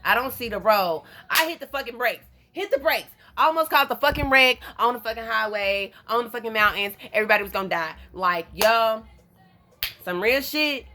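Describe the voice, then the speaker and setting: A woman from North Carolina, telling a story to her vlog viewers in a casual, animated, profane way, calling them y'all. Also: on the high side, normal speed. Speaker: vlogger.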